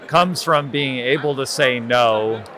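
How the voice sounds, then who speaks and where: A man's voice: mid-range voice, slow pace, bright, forceful tone. A man hosting a casual interview, asking questions and giving brief encouraging replies. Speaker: podcast host.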